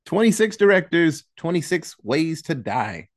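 Casual, laughing podcast host, slightly high. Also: male voice, big pitch swings, unhurried. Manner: loose and profane, with laughs.

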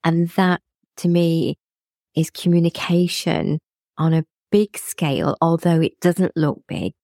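Speaking at a measured pace, a middle-aged guest reflects in a casual chat, her low, warm voice carrying a gravelly edge. She laughs frequently as she talks. The audio is close and dry, without room sound.

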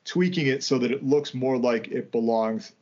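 A man's voice: mid-range voice, moderate pace, a little mellow. A man co-hosting a podcast in casual conversation, ranting with plenty of swearing. He stumbles and restarts his sentences as he goes. The sound is dull and lo-fi. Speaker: podcast co-host. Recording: dull lo-fi audio.

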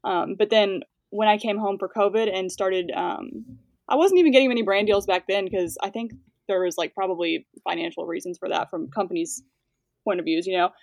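Twenties female guest, quick chatty delivery, filler-heavy, mid-pitched, dry close mic. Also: gravelly, a little mellow, dry recording. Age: 20s. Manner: fast-talking, filler-heavy, laughing. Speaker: guest influencer. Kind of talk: casual interview chat.

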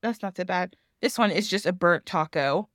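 A woman's voice: lowish voice, normal speed, a bit bright, no echo, clean studio sound. A woman hosting a podcast, chatting casually, rambling and laughing often as she acts out other people's voices. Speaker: podcast host. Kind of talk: casual chat.

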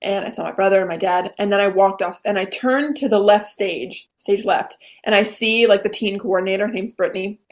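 A young woman in her late teens talks as a podcast guest, bubbly and animated, retelling what happened in quick chatty bursts. Her voice sits at an ordinary middle pitch for a woman. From Vermont. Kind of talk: casual interview storytelling.

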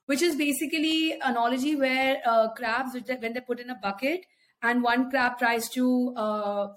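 High-voiced woman, hesitant chat. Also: fairly even intonation, normal speed. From India. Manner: thoughtful, hesitant with many uhs. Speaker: podcast co-host. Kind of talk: casual chat.

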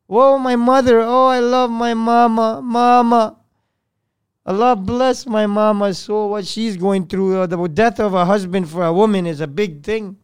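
A man with a notably high speaking voice talks as a podcast guest in a dry, close recording. He rambles and swears freely, his delivery rising and sinking with strong feeling as he tells his story. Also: a little slow, clean tone, no room sound. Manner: rambling, swears often, voice swells and drops with feeling. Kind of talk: emotional conversational storytelling.

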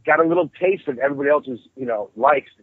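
Man with a husky voice on a tinny phone line. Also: a little high, fast, dry recording. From New York. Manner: profane, rambling, animated storyteller. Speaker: guest musician. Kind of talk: casual storytelling interview.

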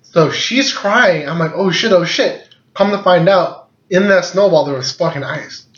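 A man's voice: high-pitched, normal speed. A man in his twenties, co-hosting a casual chat, telling stories with lots of laughter and swearing. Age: 20s. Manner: laughing storyteller, swears freely. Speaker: podcast co-host. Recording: echoey room, dull lo-fi sound.

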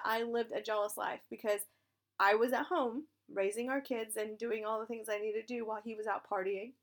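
A woman in her thirties, a military spouse with a hoarse, raspy voice, talking casually and frankly, encouraging listeners and swearing now and then. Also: a little high. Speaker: military spouse sharing advice. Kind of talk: casual direct-to-camera talk.

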